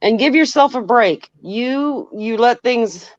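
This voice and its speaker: A woman's voice: on the high side, animated, slow pace, no room sound, highs cut off. A woman speaking as a guest on a livestream, affectionate and reassuring, calling the host sweetheart.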